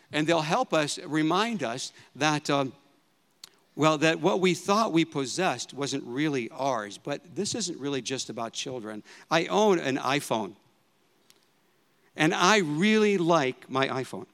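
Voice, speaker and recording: A man's voice: a little high, fairly bright tone. A man in his fifties preaching a sermon in a conversational way, repeating phrases for emphasis. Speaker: pastor. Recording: long hall reverb.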